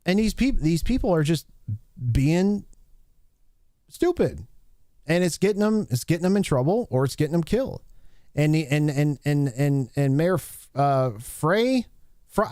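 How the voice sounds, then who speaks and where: A man's voice: a little high, a little mellow, no room sound, clean studio sound. A man giving blunt, profane opinion commentary on a livestream, rambling with many restarts.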